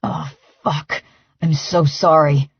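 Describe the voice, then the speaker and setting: A woman voicing a young adult male lover, speaking low with a strained, groaning manner. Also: level tone, slow, husky, dry recording, exaggerated voice. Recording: dull, slightly lo-fi studio sound.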